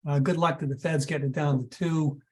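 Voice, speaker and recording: Man, guest expert, hesitant, restarts, somewhat high pitch, video call. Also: fairly even intonation, fairly quick. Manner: hesitant, lots of restarts and uh's. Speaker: guest advisor. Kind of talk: casual expert answers.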